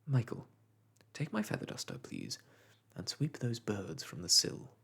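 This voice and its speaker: Whispered role-play, reader doing a strict storybook nanny, husky and stern. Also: mid-range voice, wildly swooping pitch, unhurried, fairly bright tone, full character voice. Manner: stern, warning.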